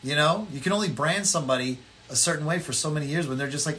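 A man co-hosting a casual political chat podcast, telling stories in a rambling way and doing quick voices for the people in them. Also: fairly high pitch, slight background noise. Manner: rambling, animated storytelling with voiced impressions. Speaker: podcast co-host.

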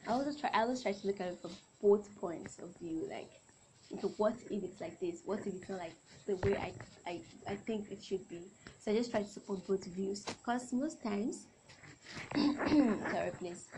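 A woman's voice: mid-range voice, background noise. A young adult woman hosting a solo podcast, talking in a chatty, rambling way and often correcting herself. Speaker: podcast host.

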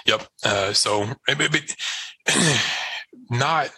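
A man talking as a podcast guest in a relaxed, rambling way, full of fillers and restarts. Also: mid-range voice, drawn-out words, husky, dry recording, poor audio. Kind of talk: casual chat.

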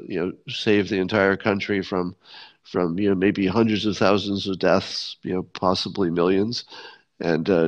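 Wry low-voiced man hosting a podcast. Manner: wry, sardonic, frequent restarts and chuckles. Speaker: podcast host. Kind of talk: casual solo commentary. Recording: dull lo-fi sound.

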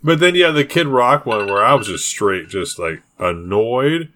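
A man's voice: medium pitch, animated, measured pace, pushed and bright, slight background noise. A man co-hosting a podcast in laid-back, casual chat who laughs easily. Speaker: podcast co-host.

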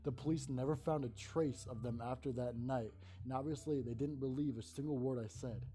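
A man reading a first-person horror story aloud in a calm narrating voice. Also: medium pitch, fairly quick, faint music behind.

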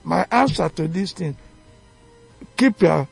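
Nigerian male studio guest, fiery and rhetorical, high and raspy voice. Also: animated, slow pace, soft background music. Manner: emphatic, fiery, rhetorical questions. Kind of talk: heated radio debate. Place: radio studio.

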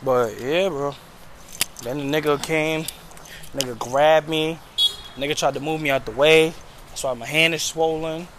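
A man's voice: on the high side, fairly even intonation, unhurried, long pauses, background noise. A man ranting profanely about his job to viewers while walking a city street at night. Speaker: vlogger. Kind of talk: casual storytelling vlog. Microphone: handheld phone.

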